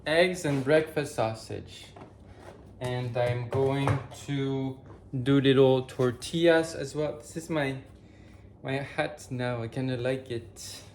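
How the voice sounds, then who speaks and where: There's a little hiss or hum as a vlogger with a slow, darkish, mid-range voice cooks breakfast in his home kitchen, captured on a tripod camera. Casual and rambling, he uses lots of fillers, thinks aloud, and keeps correcting himself.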